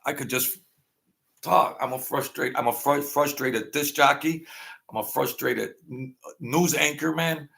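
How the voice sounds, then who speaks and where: A man's voice: mid-range voice, steady tone, unhurried, gravelly, a bit bright. A man in his sixties hosting his own channel, rambling through a casual monologue in a chatty, self-mocking way and chuckling often. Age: 60s. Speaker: channel host.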